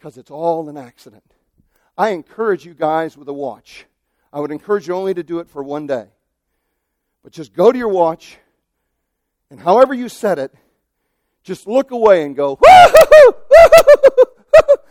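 Animated preacher man with a lively, high voice. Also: normal speed, pauses often, dry recording, clean studio sound. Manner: animated preaching, acts out quoted voices, swings from loud to hushed. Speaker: pastor. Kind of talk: sermon.

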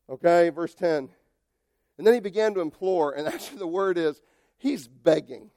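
In clean studio sound without echo, a high-voiced man preaches a sermon as a pastor, emphatic and animated. He shifts between soft asides and loud outbursts while talking to the congregation in a direct, conversational way.

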